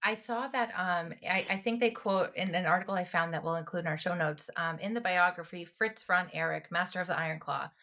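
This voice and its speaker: A woman's voice: fairly low pitch, brisk, hardly any pauses, bright, forceful tone. A woman co-hosting a podcast as a clinician, chatting casually and retelling scenes with emotion. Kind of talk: casual chat.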